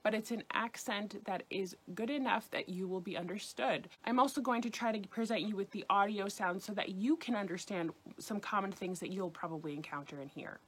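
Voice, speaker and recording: An American woman with a New York accent gives a scripted French lesson. She speaks clearly and deliberately, and she slows right down on the example words. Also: medium pitch. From United States. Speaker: French teacher on a video channel.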